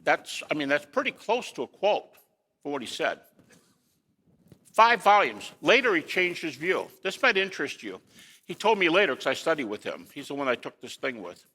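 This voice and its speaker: A man giving a lecture to an audience in an animated way, with rhetorical questions and folksy asides. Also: fairly high pitch, normal speed, in a large hall.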